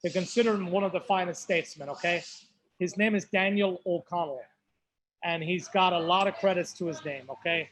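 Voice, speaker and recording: A man with a high, slightly bright voice talks fairly quickly in an Irish Mayo accent while hosting a live whiskey tasting in a pub. Originally from County Mayo, he chats casually with the group and tells loose stories on the side. The recording is rough.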